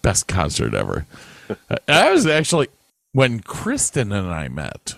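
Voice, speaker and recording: A man's voice: on the low side, wildly swooping pitch, measured pace, vocal fry, fairly bright tone, no echo. A man co-hosting a podcast, telling rambling stories in casual chat and swearing freely, with a northern US accent. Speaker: podcast co-host. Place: Texas.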